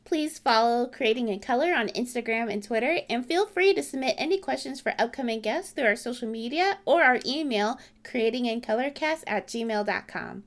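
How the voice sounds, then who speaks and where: A woman hosting a podcast, friendly, who reads her outro and spells out contact details slowly and carefully. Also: a little high, animated. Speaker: podcast host. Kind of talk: interview and scripted outro.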